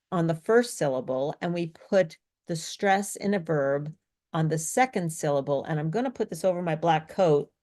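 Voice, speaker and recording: A woman's voice: low voice, darkish tone. A woman teaching a live pronunciation lesson, explaining step by step and correcting herself as she thinks aloud. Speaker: speech coach.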